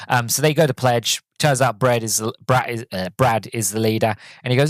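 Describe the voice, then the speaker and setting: A man's voice: mid-range voice, normal speed, dry recording. Rambling man recapping a film. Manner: rambling, enthusiastic, many fillers. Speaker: podcast host. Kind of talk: casual movie recap. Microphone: podcast mic.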